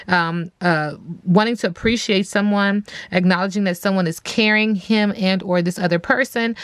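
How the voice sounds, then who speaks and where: Woman, lowish voice, tarot reader, sassy and emphatic, dry close sound. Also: clear, resonant tone, no echo. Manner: sassy, emphatic, repeats words and lists. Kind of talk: tarot reading monologue.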